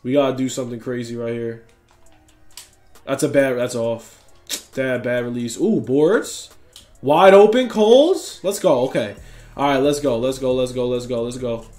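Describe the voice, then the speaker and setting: A young man giving excited, trash-talking commentary over his own basketball video game play. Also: medium pitch, moderate pace, faint music behind. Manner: hyped, trash-talking, reacts loudly to every play. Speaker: gaming YouTuber.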